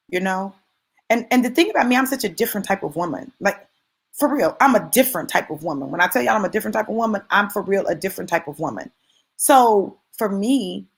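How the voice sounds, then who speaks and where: A woman with a gravelly, husky voice of medium pitch gives a motivational talk. She talks straight to her listeners in an emphatic, conversational style, repeating key phrases to underline them.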